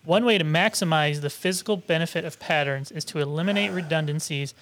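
A man's voice: on the high side, brisk, a bit bright, a little hiss or hum. A man interviewing a guitarist, reading aloud a passage from his writing and then asking him to explain it. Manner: reads a passage then asks a probing follow-up question.

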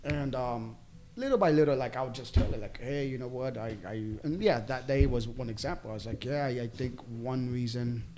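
A man's voice: mid-range voice, brisk, background noise. A man talking casually on a podcast, reflective and earnest with hesitant restarts. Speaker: podcast host. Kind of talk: casual group chat.

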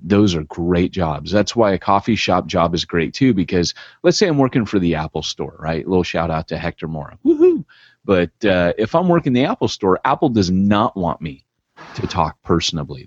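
A man with a low, deep voice co-hosts a casual podcast and speaks bluntly and with emphasis. The sound is dry and close, with dull, lo-fi audio. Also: slightly rough, no echo. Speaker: podcast co-host.

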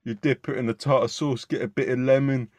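A man's voice: mid-range voice, steady tone, brisk, darkish tone, dry recording. A man hosting a comedy podcast in a hammy, put-on London accent, playful and chatty. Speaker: podcast host.

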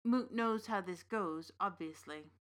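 A woman reading the part of a big, gently knowing uncle from the fairy realm in an audiobook story. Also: mid-range voice, unhurried, natural voice. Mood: calm. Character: big warm Irish uncle, old fairy king's son.

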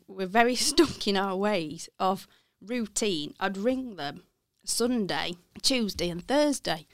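Creaky-voiced Brummie woman. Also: mid-range voice, dry recording, clean studio sound. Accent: Birmingham. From West Midlands, England. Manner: candid, self-correcting, laughs softly. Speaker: interview guest, accounting firm partner. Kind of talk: reflective interview chat.

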